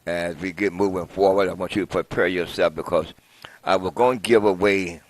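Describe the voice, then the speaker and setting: A man's voice: low voice, steady tone, fairly quick, slight background noise. A man hosting a live local TV program in a folksy, rambling way, correcting himself as he goes. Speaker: TV host.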